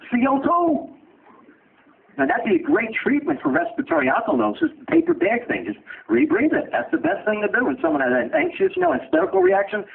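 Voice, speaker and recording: A man teaching a medical class who asks quick questions and answers them himself, with blunt joking asides. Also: extremely high pitch, lively intonation, creaky. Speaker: medical lecturer. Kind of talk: lecture with questions to students. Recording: tinny lo-fi lecture recording with faint hiss.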